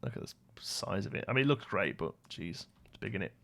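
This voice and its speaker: A man's voice: lowish voice, very animated, fast, gravelly, a bit bright. A young British man livestreaming a building game, rambling to himself and answering chat questions in a casual way. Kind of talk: casual live-stream chat while building.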